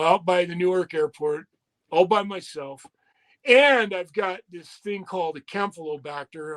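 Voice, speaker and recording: Higher-voiced man telling a profane story. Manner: profane, animated storyteller acting out quoted dialogue. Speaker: retired wrestler guest. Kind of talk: candid storytelling interview.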